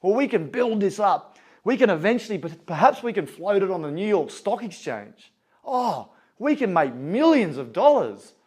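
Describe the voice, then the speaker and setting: A man playing a wound-up banker, pitched higher and pressing hard as he talks himself into big plans. Bright and eager. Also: moderate pace, lightly acted. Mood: excited. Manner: eager, pushy, rising excitement. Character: stressed, excitable male banker.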